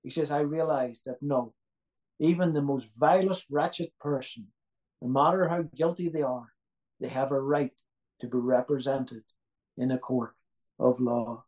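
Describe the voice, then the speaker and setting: A man's voice: mid-range voice, fairly even intonation, a little slow, darkish tone, low-quality recording. A man preaching a sermon in an earnest way, who repeats key phrases for emphasis and asks his listeners rhetorical questions.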